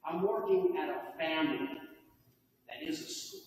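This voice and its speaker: A man's voice: high-pitched, moderate pace, slight background noise. An older man giving a heartfelt, folksy acceptance speech at a hall of fame ceremony, recorded from a distance in a banquet hall. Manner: heartfelt, folksy, animated delivery. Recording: distant mic in echoey hall.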